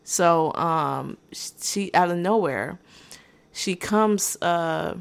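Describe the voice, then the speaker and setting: A woman with a slightly low-pitched voice tells a casual story time as a podcast host. Her delivery is dry and sarcastic, full of restarts and asides, and she sounds unbothered throughout. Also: extremely slow, gravelly, smooth.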